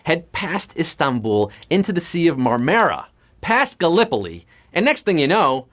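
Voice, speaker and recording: A man's voice: a little high, big pitch swings, a bit bright. A man hosting a live trivia game, reading questions and cracking puns and jokes between answers. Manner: punning, joking, reads questions briskly. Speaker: quiz show host. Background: music.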